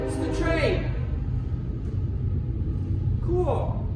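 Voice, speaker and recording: A man coaching young children through movement games, with a high, slow and encouraging voice. He sounds distant from the camera, and a large echoing room rings around every word. A faint hum of room noise sits underneath. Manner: slow, clear and encouraging, with playful exclamations. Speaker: kindergarten PE coach. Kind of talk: online PE lesson for children. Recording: echoey room from far off.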